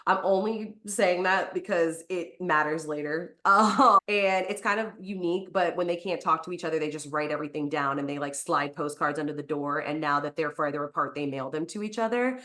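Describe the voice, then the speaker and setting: A woman co-hosting a podcast, casually recapping a novel's plot in a chatty way, full of fillers and quick acted-out quotes. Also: low-pitched, bright, forceful tone. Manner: chatty, lots of "like", acts out quotes. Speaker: podcast co-host.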